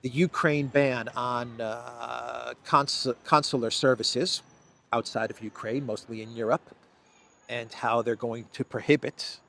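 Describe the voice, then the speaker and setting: A man's voice: mid-range voice, fairly even intonation, a little slow, vocal fry, fairly bright tone, slight background noise. A man hosting a solo news commentary, talking in an emphatic, sarcastic way with frequent restarts. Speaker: political commentary host.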